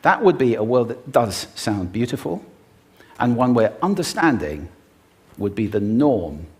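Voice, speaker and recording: Male speaker at a talk, mid-pitched, very expressive intonation, emphatic, with pauses for effect. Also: a little hiss or hum. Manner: animated, emphatic delivery with dramatic pauses. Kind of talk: prepared public talk.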